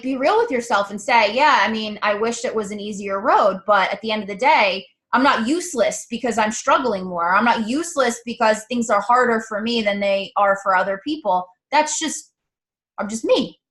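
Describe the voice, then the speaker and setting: A woman's voice: fairly high pitch, lively intonation, moderate pace, fairly bright tone. A woman speaking as a coach in a casual motivational talk, candid and chatty, now and then swearing.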